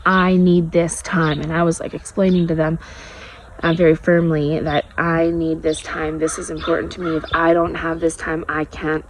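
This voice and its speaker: A woman's voice: deep voice, slight background noise, low-quality recording. A woman in her thirties, a mother, telling a personal faith story in an earnest, candid way, sitting outdoors in her yard. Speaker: mother sharing faith testimony. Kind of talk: casual personal testimony vlog.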